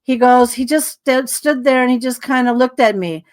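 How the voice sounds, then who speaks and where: A woman, a podcast guest, telling a long story in a rambling, animated way with many asides. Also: high voice, normal speed.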